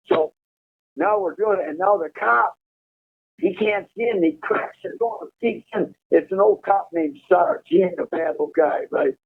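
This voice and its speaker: Gravelly high-voiced man on a phone line. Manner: profane, animated storytelling, laughing at his own tale. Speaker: incarcerated caller telling prison stories. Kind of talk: storytelling over a prison phone call.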